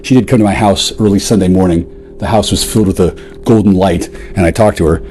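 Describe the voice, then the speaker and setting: Low-voiced man on a profane, sarcastic rant. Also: fairly quick, a little mellow, a little hiss or hum. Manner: lurching between jeering highs and muttered asides. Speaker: vlogger. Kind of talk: one-sided rant addressed to an absent woman.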